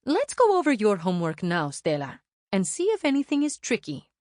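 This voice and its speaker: A woman's voice: mid-range voice, wildly swooping pitch, brisk, darkish tone, no echo, clean studio sound. Woman doing a busy mom with a Mexican accent. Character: warm busy Mexican-born mother, adult woman. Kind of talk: audiobook character voice.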